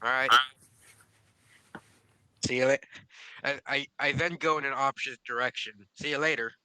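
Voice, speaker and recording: A man playing a character in a tabletop role-play over voice chat, talking eagerly with quick restarts. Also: mid-range voice, steady tone, bright, forceful tone, clear, resonant tone, no echo, low-quality recording. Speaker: player.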